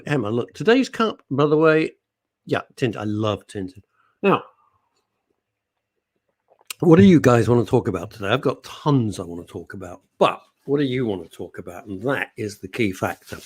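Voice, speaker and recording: A man's voice: medium pitch, expressive, a little fast, a little mellow, slightly rough, no echo. A middle-aged man, hosting live talk radio and reading out listener comments in a playful, teasing way. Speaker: radio show host.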